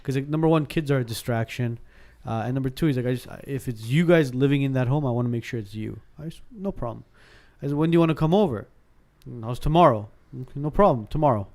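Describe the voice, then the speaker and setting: Talking quickly with hardly any pauses, a thirtysomething man with a mid-range voice tells a ghost story on a casual podcast. He's animated, performs the dialogue, and frequently restarts his sentences.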